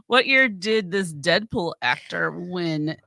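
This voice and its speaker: A woman's voice: fairly low pitch, animated, takes it slowly, creaky, crowd noise. A woman co-hosting a morning show, running a trivia quiz and laughing often. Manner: giggly, quizzing. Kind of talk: casual chat.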